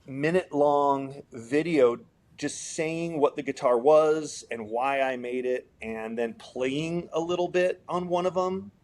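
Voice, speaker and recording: Taking it slowly in a fairly high voice, a guitar maker tells a relaxed, rambling story during an interview. He fills it with filler words and quotes other people's lines.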